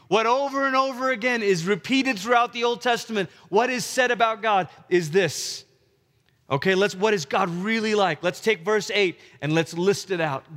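A man in his thirties preaching a sermon, acting out voices and swinging between loud and hushed delivery. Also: high-pitched, moderate pace, in a large hall. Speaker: pastor.

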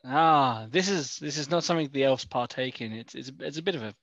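A man's voice: medium pitch, brisk, fairly bright tone, no room sound, muffled recording, pitched below the performer's own voice. Ilmarin, a man playing a prim elf bard. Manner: politely dismissive, formal. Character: aloof male elf bard, prim and wary.

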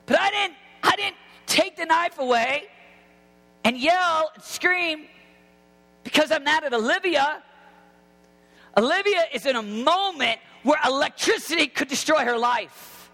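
A man in his thirties preaching an impassioned sermon to teenagers as a youth pastor, often shouting. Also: extremely high pitch, animated, measured pace, long pauses. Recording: long hall reverb.

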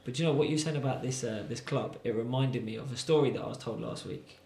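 A man's voice: mid-range voice, quick pace, vocal fry, a little mellow, a little hiss or hum. A man chatting casually as a podcast co-host, telling stories animatedly with many fillers. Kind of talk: casual chat. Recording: roomy echo.

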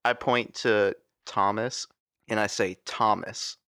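A man's voice: on the low side, steady tone, slow, pushed and bright, no room sound, clean studio sound. A man playing a tabletop role-playing game, plainly describing his character's actions. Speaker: player.

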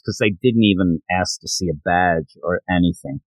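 A man's voice: sits low, normal speed, no room sound. A man co-hosting a podcast, recapping a manga chapter in casual chat and acting out the characters' lines. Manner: animated, acts out character lines in voices. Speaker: podcast co-host.

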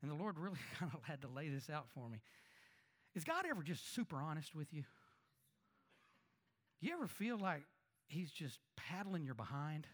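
A man preaching as a pastor, talking conversationally and asking the congregation rhetorical questions, his voice swinging between emphatic lines and quiet asides. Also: a little high, sing-song, moderate pace, long pauses. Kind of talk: sermon.

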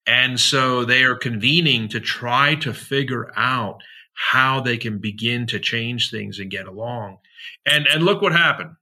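A middle-aged man speaks as a podcast guest, piling one anecdote onto the next with plenty of fillers and casual slang. His voice is bright and edgy, with a husky, breathy grain. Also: mid-range voice, measured pace. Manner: chatty, filler-heavy, slangy, acts out quoted voices. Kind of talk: rambling anecdotal storytelling.

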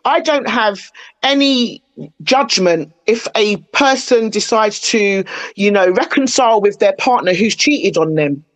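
A woman's voice: mid-range voice, lively intonation, a little slow, low-quality recording. A woman in casual podcast chat, chatty and opinionated, retelling moments with animation.

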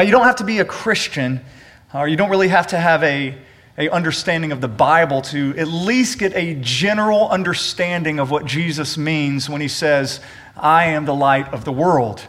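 A male pastor with a voice pitched a little above the usual delivers an earnest sermon. He speaks straight to his congregation, stressing points by repeating his words. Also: fairly bright tone. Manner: addresses the congregation directly. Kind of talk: sermon with scripture reading and prayer. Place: church service.

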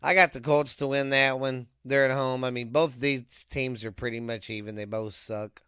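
A man hosts a casual sports show, reeling off records and picks in a loose, profane ramble. His voice is bright and forward with a smooth, clean tone. The sound is close and dry, with no room around it. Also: mid-range voice, fairly even intonation, moderate pace, no room sound. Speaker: podcast host.

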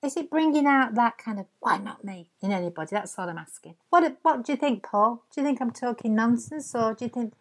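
A woman's voice: fairly high pitch, lively intonation, fast, few pauses. A woman hosts a chatty comic podcast, homely and teasing in her banter. She talks from a back bedroom at home over a remote link. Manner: homely, teasing, calls people love. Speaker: podcast host.

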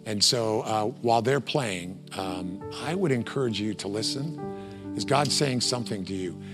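A middle-aged male pastor preaches a sermon in an easy storytelling way, full of ums and uhs. Clear music plays behind his voice. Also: lowish voice, expressive, normal speed. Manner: storytelling with acted quotes and many fillers.

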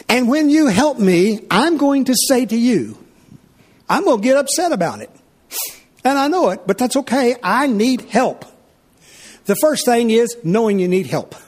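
A man preaching a sermon, telling stories with lively back-and-forth dialogue. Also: high-pitched. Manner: animated storytelling, acts out his wife and himself in dialogue. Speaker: pastor.

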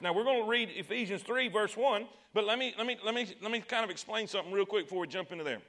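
A man preaching a sermon in a folksy, conversational way, repeating words and acting out scenes with excitement. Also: sits high, quick pace, hardly any pauses.

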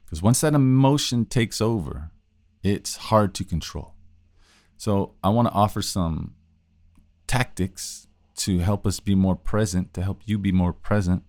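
A man's voice: low-pitched, a little mellow, no echo. A man hosting a solo talk on communication, thinking aloud in a loose, casual way with frequent restarts. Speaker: podcast host teaching communication.

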